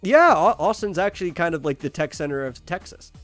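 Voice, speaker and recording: A man's voice: fairly high pitch, very animated, fairly quick, a bit bright, faint music behind. A man co-hosting a casual podcast chat who rambles and restarts his sentences, repeating words as he goes. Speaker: podcast co-host.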